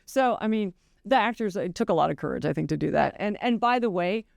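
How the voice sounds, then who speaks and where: Older woman novelist, frank, self-mocking and lively, clean resonant voice recorded dry in studio. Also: mid-range voice, brisk, creaky, no echo. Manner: animated, candid, swears freely, laughs at herself. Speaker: novelist guest. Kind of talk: casual interview chat.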